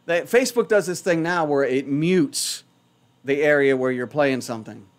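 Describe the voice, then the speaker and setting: A man's voice: on the high side, normal speed. A man hosting a morning radio show in a studio, chatting casually and poking fun at himself as he rambles. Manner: rambling, self-mocking, chatty. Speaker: radio host.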